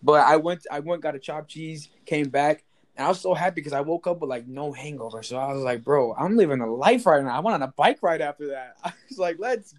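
Laid-back young man, slightly high voice. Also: fast. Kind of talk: casual chat.

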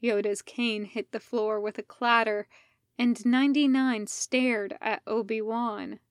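A woman reading a fan fiction story aloud as narrator, slow and deliberate. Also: a little high, steady tone, dry recording, clean studio sound. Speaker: podfic reader.

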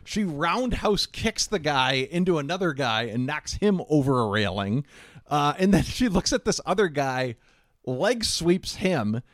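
A man's voice: on the high side, animated, measured pace, dry recording. A young man co-hosting a podcast, enthusiastically describing a fight scene step by step. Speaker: podcast co-host. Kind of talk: casual chat.

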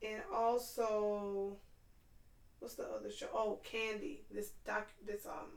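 A woman co-hosting a podcast, chatting casually and telling stories in an animated way. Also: medium pitch, takes it slowly, vocal fry, reverberant, distant mic, low-quality recording. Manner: animated storyteller, laughs often. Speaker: podcast co-host. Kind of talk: casual chat.

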